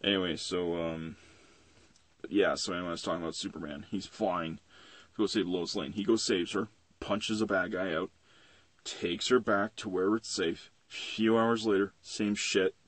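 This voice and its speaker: Low husky young guy rambling. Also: fairly even intonation, normal speed, no room sound. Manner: rambling and profane, with many fillers. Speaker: comic book reviewer. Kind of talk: casual rambling review.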